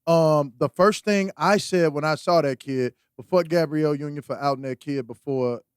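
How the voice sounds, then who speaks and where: A man's voice: on the high side, normal speed, clean tone, no room sound, studio quality. A man co-hosting a podcast in casual chat, blunt, profane and impassioned. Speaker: podcast co-host.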